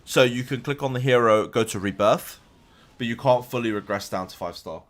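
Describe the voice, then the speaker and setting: A young male streamer talks loosely from his room at home, answering viewer questions in a chatty way. He often restarts his words, and his voice sits at an ordinary middle pitch for a man. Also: a little fast. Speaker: game streamer. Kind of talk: casual live-stream chat.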